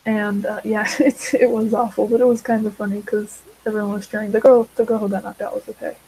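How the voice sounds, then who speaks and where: A woman's voice: mid-range voice, flat delivery, a little fast, mellow, a little hiss or hum, low-quality recording. A teenage girl chatting casually while she draws, rambling with many fillers and side tracks. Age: teens. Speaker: vlogger.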